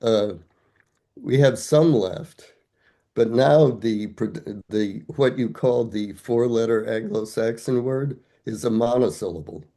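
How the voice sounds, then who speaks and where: Older professor guy, slow easygoing talk, warm mellow tone, thinks out loud and asks himself questions. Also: mid-range voice. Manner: thoughtful, explains step by step with rhetorical questions. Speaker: guest scholar. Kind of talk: conversational academic explanation.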